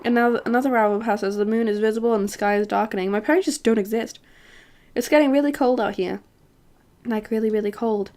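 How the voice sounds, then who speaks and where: A woman's voice: on the high side, fairly even intonation, fairly quick, darkish tone. A woman streamer narrating a dating game aloud, with joking, self-mocking asides.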